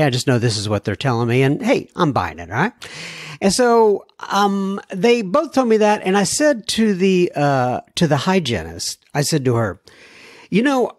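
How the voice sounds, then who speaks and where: A man's voice: on the high side, no room sound, studio quality. Chatty self-deprecating man hosting a podcast. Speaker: podcast host. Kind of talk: casual podcast chat.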